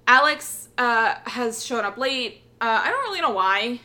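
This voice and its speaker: A woman's voice: fairly high pitch, lively intonation, measured pace, sharp tone. A young woman co-hosting a podcast, recapping episodes in casual chat and acting out characters' lines with lots of swearing and laughter. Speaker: podcast co-host.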